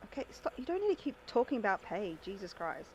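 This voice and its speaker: Brief: chatty female game streamer, excitable reactions, mid pitch, faint background hiss. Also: quick pace. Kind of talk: live gameplay commentary.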